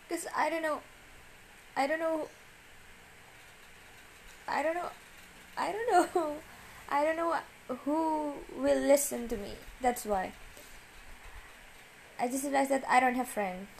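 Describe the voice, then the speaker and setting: A woman with a slightly high voice shares her worries in a soft, confessional monologue. She talks haltingly, circles back over the same words and gropes for what to say next. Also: vocal fry, a little hiss or hum, low-quality recording. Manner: hesitant, halting and repetitive, searching for words. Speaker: vlogger.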